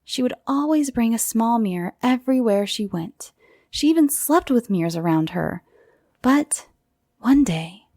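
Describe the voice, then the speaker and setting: A woman's voice: on the high side, a little mellow. A woman hosting a show of spooky bedtime stories for children, narrating dramatically and dropping into whispers at times. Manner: slow, dramatic with dips into whispers. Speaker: storyteller host. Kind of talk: bedtime scary story narration for kids. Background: faint music.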